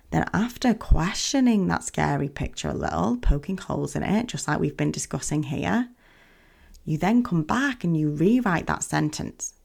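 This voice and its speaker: A woman hosting a self-help podcast, talking in a gentle, soothing coaching manner. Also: sits low, creaky. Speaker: podcast host.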